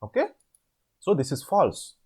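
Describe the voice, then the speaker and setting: A man with an Indian English accent tutoring students through an English assignment, explaining step by step and repeating words slowly. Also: a little high, wildly swooping pitch, a little mellow, slightly rough. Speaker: online course tutor. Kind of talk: assignment walkthrough lesson.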